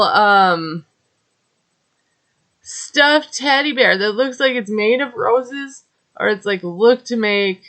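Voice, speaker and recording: Chatty woman recapping reality TV, slow. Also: medium pitch, bright, forceful tone. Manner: chatty, gossipy, with frequent fillers and wry asides. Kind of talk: casual recap commentary.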